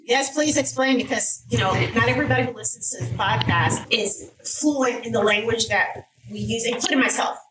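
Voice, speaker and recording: A woman's voice: fairly high pitch, normal speed, background noise. A woman hosting a podcast, asking curious, encouraging interview questions. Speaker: podcast host. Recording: echoey distant mic.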